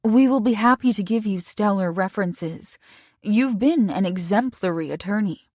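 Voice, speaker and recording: A woman's voice: medium pitch, normal speed, darkish tone, dry recording, natural voice. A woman voicing a regretful law firm boss who speaks formally and apologetically while firing an employee, in an audiobook. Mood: apologetic.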